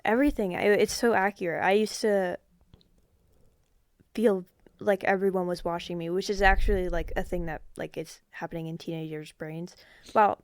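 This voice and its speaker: A woman's voice: on the low side, fairly even intonation, moderate pace, no room sound. A young woman chatting casually on a podcast, trailing off often and joking about herself. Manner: self-mocking, trailing off with frequent "like". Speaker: podcast guest. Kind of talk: casual chat.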